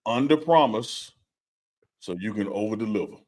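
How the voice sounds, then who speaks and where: A man co-hosting a casual sports talk show, playful and teasing, with a loose relaxed delivery. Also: on the low side, moderate pace. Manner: teasing, playful, reads a sponsor plug in a loose drawl. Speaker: co-host.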